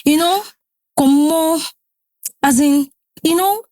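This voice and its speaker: Nigerian woman, podcast guest, animated storytelling, fairly high voice, dry close sound. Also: slow pace, no echo. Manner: animated, mixing Pidgin and Yoruba. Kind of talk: casual storytelling. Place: podcast studio.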